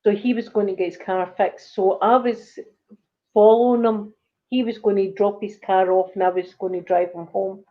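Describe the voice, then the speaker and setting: A woman's voice: mid-range voice, normal speed. A Scottish woman of middle age tells a story in an easy, chatty way. She acts out what others said as she goes. The recording is a little dull and lo-fi. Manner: animated storyteller, acts out quoted voices. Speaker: channel host. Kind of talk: casual storytelling chat.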